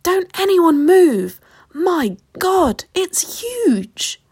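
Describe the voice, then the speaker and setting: A male bird guide shouts urgent warnings in alarm, as a woman narrator puts him on. His voice leaps high and strained, with a gravelly edge and a close, dry sound. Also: sing-song, extremely slow, no room sound, heavily acted.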